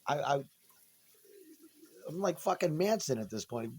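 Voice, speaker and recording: A man's voice: on the high side, expressive, a little slow, long pauses, darkish tone, breathy edge. A man in a rambling, profane monologue from home, agitated and tripping over his words. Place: at home, indoors.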